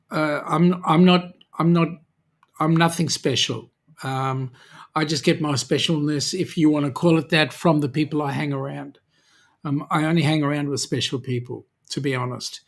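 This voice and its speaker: An Australian man hosts a casual live chat stream, slowly reading out viewer comments and warmly greeting each viewer by name, with lots of "um"s. His voice is fairly high-pitched with fairly even intonation.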